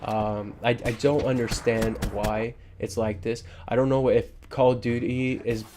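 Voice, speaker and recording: A man's voice: mid-range voice, flat delivery, a little slow, background noise. A man giving frustrated, ranting commentary over gameplay footage, with lots of fillers and restarts. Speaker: gaming YouTuber.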